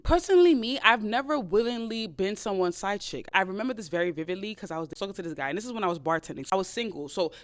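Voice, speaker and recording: A young woman hosts a chatty podcast and tells her dating stories quickly. Her pitch leaps up for loud exclamations and drops low for muttered asides. Her delivery is casual and unfiltered. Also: lively intonation. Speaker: podcast host. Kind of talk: casual storytelling chat.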